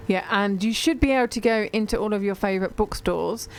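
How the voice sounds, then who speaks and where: A woman's voice: mid-range voice, a little fast, clean tone. A woman hosting a radio book show, chatting and plugging books with enthusiasm. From Britain. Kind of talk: casual radio interview chat.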